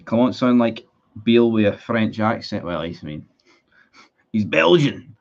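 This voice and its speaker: A Scottish man with a fairly low voice talks through a live football match for his stream, swearing at his team and answering viewers in the chat. His audio is dull and lo-fi, like a cheap streaming setup. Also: lively intonation, measured pace, vocal fry, darkish tone. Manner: frustrated, sweary, chatty with viewers. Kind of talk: live match watchalong commentary.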